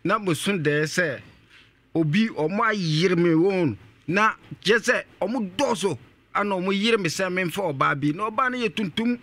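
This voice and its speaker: A man's voice: sits high, unhurried, a bit bright, no echo. A man with a Ghanaian accent, a radio guest earnestly telling his personal story and often repeating himself.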